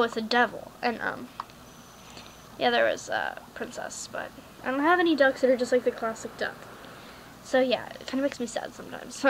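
A young female vlogger chatting casually as she plays a game, rambling with lots of "like" fillers and drifting between soft murmurs and loud bursts. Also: fairly high pitch, a little hiss or hum, rough recording.

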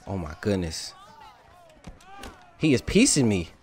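A young man giving casual, excitable commentary over his own gameplay, trash-talking and laughing at the game. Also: lowish voice, moderate pace, long pauses, soft background music. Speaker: gaming YouTuber.

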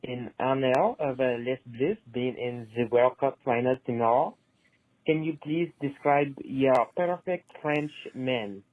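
A man leaving a voicemail as a caller, putting on a hammy young male French soccer fan with halting mock French phrasing. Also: medium pitch, steady tone, dry recording, natural voice. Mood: earnest. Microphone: phone. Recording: tinny phone voicemail.

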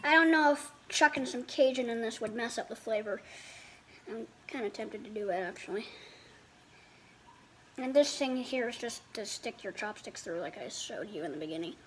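A woman's voice: fairly high pitch, expressive, moderate pace, a little hiss or hum. A woman casually reviewing a meal, thinking aloud, rambling, and talking with her mouth full. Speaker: food reviewer. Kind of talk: casual chat while eating.

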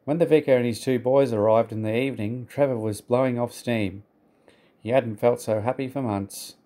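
Brief: male storybook narrator, mellow and warm, steady read-aloud. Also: medium pitch, moderate pace.

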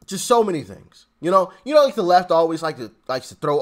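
A man's voice: sits high, very animated, brisk, few pauses. A man giving casual political commentary on his vlog, laughing often and stammering through repeated restarts. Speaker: commentary vlogger.

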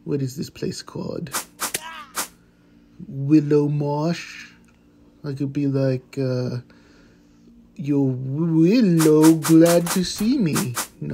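A man voicing a cheerful, eager pitbull puppy, commenting on gameplay with excitable gasps and goofy puns. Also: mid-range voice, slight background noise. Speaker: game commentator.

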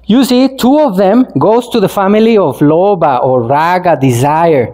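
High-voiced monk giving a playful talk. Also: male voice, normal speed, mellow. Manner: playful, chuckles often and asks the audience questions; non-native English phrasing. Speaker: Buddhist monk teaching. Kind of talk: dharma talk to a congregation.

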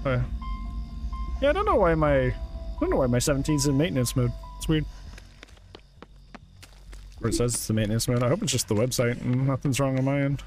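A man's voice: medium pitch, big pitch swings, a little fast, long pauses, darkish tone, faint music behind. A young man streaming a video game, ranting sarcastically and swearing often in casual commentary.

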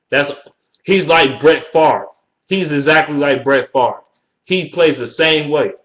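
A man's voice: on the high side, a bit bright. Heated man ranting about football, echoey room. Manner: heated, repetitive, swearing constantly. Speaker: sports fan ranting about his team. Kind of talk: profane football rant.

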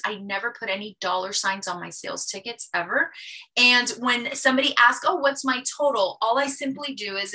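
A woman teaching a sales class, energetic and acting out short customer dialogues as she explains. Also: a little high. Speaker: sales trainer.

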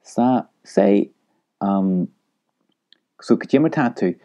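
A man's voice: fairly low pitch, lively intonation, very slow, warm tone. A man teaching an audio language lesson, patiently repeating phrases for the listener to echo.

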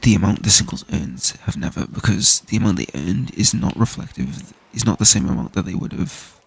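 A man's voice: low voice, lively intonation, brisk, vocal fry, breathy edge. A young man from the UK ranting casually and swearing while playing a game, with frequent restarts. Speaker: gaming streamer. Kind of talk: casual rant while gaming.

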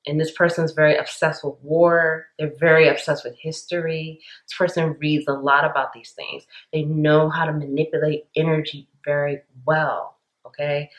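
A woman's voice: low voice, flat delivery, normal speed, reverberant, low-quality recording. Intense rambling tarot reader woman. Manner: intense, rambling, emphatic with many restarts. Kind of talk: casual channeled tarot reading.

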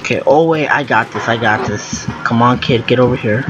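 A man's voice: medium pitch, fairly quick, dull audio. A man giving live commentary while playing a game. He thinks aloud, gets flustered easily, and exclaims and groans as he goes. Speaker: gaming video creator. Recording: loud noise under the voice.

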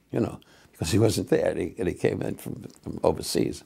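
A man in his eighties, a comedian telling old show-business stories in a rambling, halting way, full of fillers and wry asides. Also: deep voice, mellow. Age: 80s. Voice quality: gravelly, husky. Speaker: comedian reminiscing. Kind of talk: casual anecdotal storytelling.

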